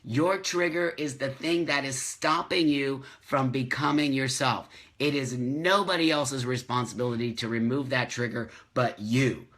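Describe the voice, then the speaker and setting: A man hosts a casual live morning stream and reads viewer comments aloud. He rants with force and hammers his points home by repeating lines. His pitch sits in the usual middle for a man. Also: fairly even intonation, unhurried, hardly any pauses, fairly bright tone. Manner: emphatic, ranting, repeats phrases for stress. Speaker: host of a live morning show. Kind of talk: casual livestream chat reading viewer comments.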